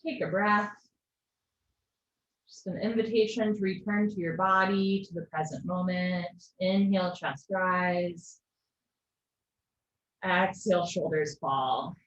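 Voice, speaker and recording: A yoga teacher with a mid-pitched voice leads a live online class over a video call, giving posture cues in a calm, even flow with gentle asides. She speaks slowly with long pauses. The echoey, lo-fi call audio sounds roomy and a bit dull.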